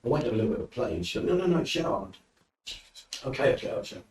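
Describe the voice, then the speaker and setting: Very fast and mid-range in pitch, this British podcast guest from the UK tells casual stories full of acted-out quotes. The audio sounds roomy and off-mic, carrying faint noise since he's far from the microphone.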